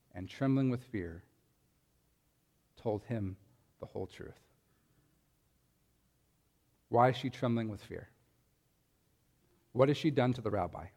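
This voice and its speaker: A male pastor preaches in a relaxed, conversational way, often pausing to put questions to his listeners. His voice sits at a middle pitch, and it rings with the long reverb of a large hall. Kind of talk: sermon.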